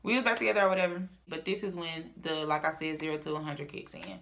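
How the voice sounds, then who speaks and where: A woman's voice: deep voice, quick pace. A young woman, telling a personal story in a casual, dramatic vlog. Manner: chatty, dramatic, swings from loud to murmured.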